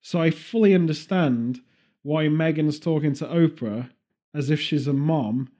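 A man's voice: on the high side, measured pace, warm tone. A man from Birmingham with a Birmingham accent, chatting casually and rambling, laughing often. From Birmingham, England. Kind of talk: casual chat.

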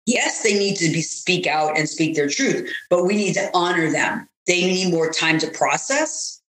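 A woman's voice: fairly low pitch, expressive, a little slow, fairly bright tone. A woman coach and author giving an earnest interview, acting out bits of the dialogue she retells. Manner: earnest, acts out quoted dialogue. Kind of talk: interview talk. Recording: roomy echo.

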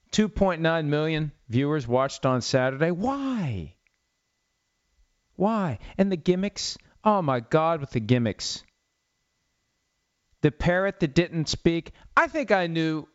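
A middle-aged man hosting a football talk show, telling stories in a rambling, wry, sarcastic way. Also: a little high. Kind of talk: casual sports commentary monologue. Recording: slightly dull lo-fi audio.

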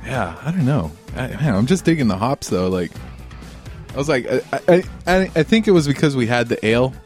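A man co-hosting a casual beer-tasting podcast, laid-back and slangy, often chiming in with quick agreement. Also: medium pitch, expressive, darkish tone, soft background music. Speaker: podcast co-host.

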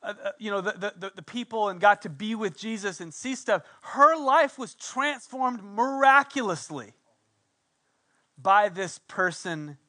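A middle-aged male pastor preaching a passionate sermon, swinging between loud emphatic declarations and hushed, intimate passages. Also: high voice, lively intonation, measured pace.

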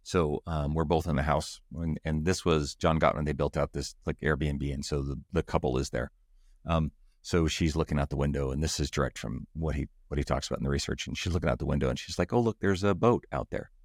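Male guest, very low gravelly voice, lively storyteller, dry close mic. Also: brisk, no room sound. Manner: animated, acts out little scenes to illustrate. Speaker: relationship podcast guest. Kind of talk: conversational storytelling.

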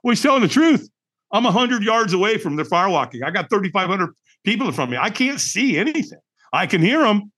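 A middle-aged man, a podcast guest, telling a personal story in an animated, emphatic way and acting out the dialogue. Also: sits high, fast. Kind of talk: storytelling in conversation.

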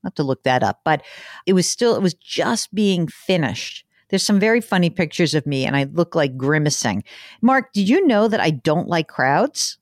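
A woman in her fifties hosting a finance podcast, chatting in a casual, quick way with asides and laughs. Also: low-pitched, very animated, no echo, clean studio sound. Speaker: podcast host. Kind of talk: casual chat.

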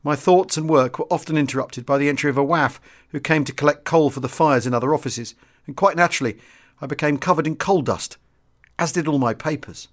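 A man narrating a wartime memoir as an audiobook reader, in a measured, formal storytelling manner. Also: on the high side.

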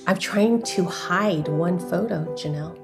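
A middle-aged woman from San Francisco, a guest author in an interview, telling a personal story with animated delivery and acting out other people's voices. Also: fairly low pitch, normal speed, vocal fry, over loud music. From San Francisco, USA. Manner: animated, acts out the voices of people in her stories.

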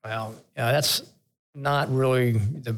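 An older man, a retired vice admiral appearing as a podcast guest, tells candid leadership stories in a conversational interview. He laughs at himself and gets choked up, speaking unhurriedly in a medium pitch with fairly even intonation.

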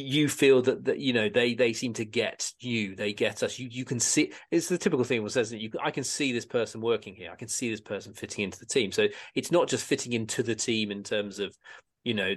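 A man hosting a casual podcast discussion, talking in a rambling way with many restarts and repeated words. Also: on the low side.

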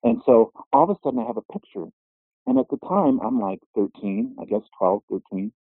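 A man's voice: mid-range voice, sing-song, brisk, vocal fry, husky, no room sound. A middle-aged man earnestly recounting his personal testimony, his voice rising when he recalls prayers. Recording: muffled phone-like audio.

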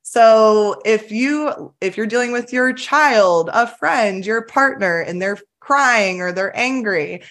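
A woman's voice: on the high side, animated, slow pace, hardly any pauses, fairly bright tone. A woman, a therapist, explaining her approach in a casual, earnest and upbeat podcast interview. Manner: earnest, upbeat, enthusiastic coaching tone. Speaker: somatic attachment therapist, guest.

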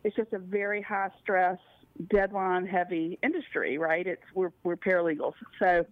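A woman's voice: fairly low pitch, fairly even intonation, normal speed, no echo. A woman calling in to a talk radio show, telling a story in a chatty, laughing way. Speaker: caller. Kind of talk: phone-in call on talk radio. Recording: tinny phone line.

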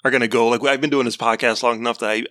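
A man co-hosts a casual movie-review podcast in an easygoing way, laughing often. His voice is bright and forward. The sound is dry and close. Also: medium pitch, fairly even intonation, very fast, no echo. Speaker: podcast co-host.

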